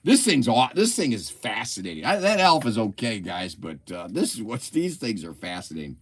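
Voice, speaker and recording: Older guy from ohio, raspy low voice, hosting a livestream, rambles and jumps around a lot. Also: sing-song, normal speed. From Ohio, USA. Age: 70s. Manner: rambling, easily sidetracked, self-correcting. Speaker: livestream host. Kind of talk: casual livestream show-and-tell. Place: indoor workshop.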